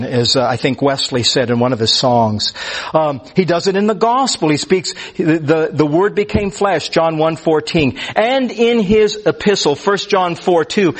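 A man preaching a conversational sermon to a group, often restarting his words and rising sharply on key phrases. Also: on the high side. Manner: conversational, stammers on restarts, rises on emphasis. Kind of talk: sermon teaching. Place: church or class room with listeners.

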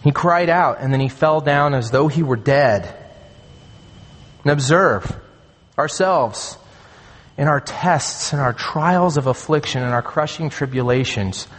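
Earnest preaching man in a reverberant hall. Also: a little high. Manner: earnest, emphatic preaching with slow stressed phrases. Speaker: pastor. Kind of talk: sermon.

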